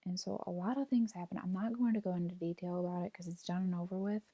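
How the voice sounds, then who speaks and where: A woman's voice: fairly low pitch, fairly even intonation, quick pace, mellow, no room sound. A young woman in her twenties telling a personal story in a vlog, rambling with lots of "like" and near tears. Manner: rambling, fills speech with "like", retells quotes. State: near tears, holding back crying. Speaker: vlogger.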